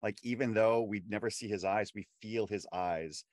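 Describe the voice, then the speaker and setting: A man's voice: fairly low pitch, normal speed, no room sound, clean studio sound. A man co-hosting a casual TV discussion podcast, building his points with frequent restarts. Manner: animated, restarts often while building a point. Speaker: podcast co-host.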